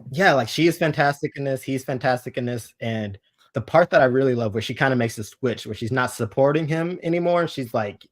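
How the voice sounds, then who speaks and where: A man's voice: medium pitch, a little fast. A man who is a guest on a podcast, chatting casually in an easygoing way, with many fillers.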